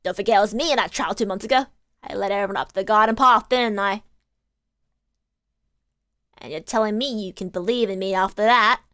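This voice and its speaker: A woman's voice: mid-range voice, brisk, long pauses, bright, forceful tone, no echo, studio quality, lightly acted. A woman voicing a tough, streetwise young female urchin who speaks bluntly and defiantly. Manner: brusque, defiant.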